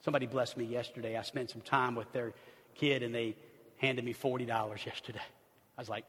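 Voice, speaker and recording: A man's voice: medium pitch, fairly even intonation, brisk, fairly bright tone, husky. A man preaching a sermon as pastor in a church, counting off points in a conversational way and acting out quotes. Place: church sanctuary. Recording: long reverb of a large hall.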